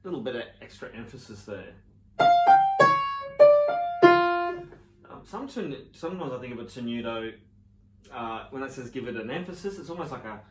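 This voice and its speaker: A man giving a relaxed piano lesson, explaining casually with fillers and sometimes singing rhythms in syllables. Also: mid-range voice. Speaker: piano teacher. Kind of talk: relaxed spoken piano tutorial. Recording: roomy sound with loud piano. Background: piano playing.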